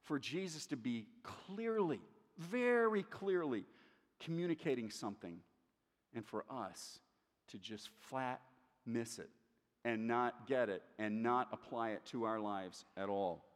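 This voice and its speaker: Earnest preacher in a reverberant hall. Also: male voice, mid-range voice, animated, a little slow. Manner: earnest, conversational preaching with frequent restarts. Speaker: pastor. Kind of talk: sermon.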